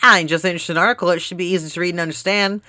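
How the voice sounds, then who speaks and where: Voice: mid-range voice, steady tone, no echo, voice pushed up, close to an everyday voice. A streamer reading game dialogue aloud, voicing a brash male writer with a put-on country accent and a cocky, folksy manner. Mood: earnest. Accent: put-on American country accent. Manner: loud, folksy, rapid and cocky.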